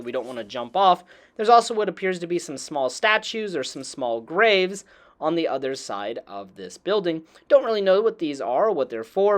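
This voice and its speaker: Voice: mid-range voice, fairly bright tone. A host giving a casual, enthusiastic voice-over for a game walkthrough, with mild slang. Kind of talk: casual gameplay voice-over narration.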